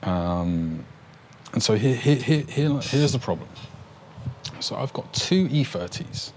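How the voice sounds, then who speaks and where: A man vlogging casually to camera, rambling and excitable, with frequent restarts and mild swearing. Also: medium pitch, slow, slight background noise. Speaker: car enthusiast vlogger.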